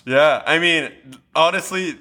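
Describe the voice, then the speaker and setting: A man co-hosting a casual chat, chatty and quick with short reactions. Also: a little high, bright, forceful tone.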